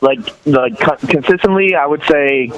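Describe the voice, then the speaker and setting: A middle-aged man talking as a podcast guest in casual chat, telling rambling, animated stories full of restarts. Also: on the high side, moderate pace, low-quality recording.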